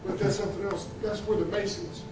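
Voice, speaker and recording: A man's voice: sits high, fairly even intonation, a little fast. A man in the class adding a rambling comment, repeating himself as he goes. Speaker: class participant. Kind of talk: casual chat. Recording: roomy and distant with clear noise.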